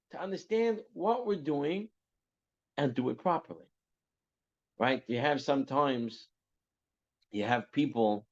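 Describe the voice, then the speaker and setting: A man's voice: medium pitch, a little mellow. A man teaching a religious class, telling stories in a conversational way that often checks in with "right?". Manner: conversational, repeats phrases, asks "right?". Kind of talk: Torah class with storytelling. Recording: muffled lo-fi recording.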